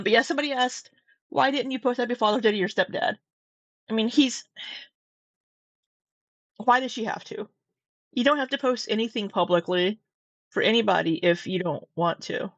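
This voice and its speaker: A woman's voice: a little high, normal speed, pauses often, dry recording, highs cut off. Chatty woman host, dry close sound. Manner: chatty and gushing, rambling asides. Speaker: commentary host. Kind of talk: casual commentary.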